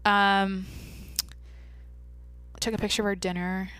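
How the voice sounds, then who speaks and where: A woman's voice: mid-range voice, level tone, measured pace, a bit bright, smooth. A young woman hosting a podcast, talking candidly in a rambling, casual way with lots of "like". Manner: rambling, candid, heavy use of "like". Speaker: podcast host. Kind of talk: casual monologue.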